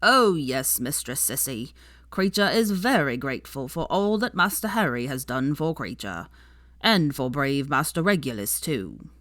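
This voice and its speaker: Croaky old elf servant, as a woman puts him on. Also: low-pitched, sing-song, unhurried, fairly bright tone, dry recording, studio quality, full character voice. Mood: fawning. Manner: servile, speaks of himself in third person.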